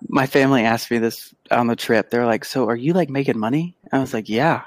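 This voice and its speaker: A man co-hosting a podcast, telling an animated, casual story and acting out the quotes. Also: medium pitch, brisk. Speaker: podcast co-host; pediatric physical therapist. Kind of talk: casual chat.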